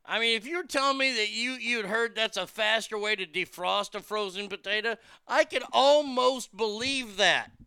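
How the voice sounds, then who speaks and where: A man's voice: sits high, moderate pace, gravelly, hardly any pauses, bright, forceful tone, smooth, no room sound, studio quality. A man hosting a show, delivering a crude, mocking comedic monologue that rambles with restarts. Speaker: radio show host.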